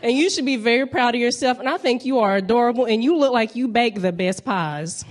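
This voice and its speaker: A woman's voice: on the high side, lively intonation, a little fast, few pauses. A young woman from North Carolina, doing a brash, playful stand-up set and talking straight to the crowd from a comedy club stage.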